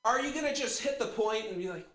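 A man's voice: high-pitched, animated, fast, a bit bright. A man in his twenties doing a rambling, profane, self-mocking stand-up routine. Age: 20s. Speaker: stand-up comedian.

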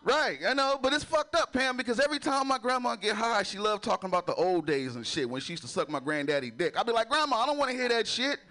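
A man's voice: sits high, quick pace, few pauses, sharp tone. A man doing a crude stand-up comedy set, laughing at his own jokes and talking in a loose, chatty way. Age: adult with a son. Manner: loose, chatty, keeps asking "you know".

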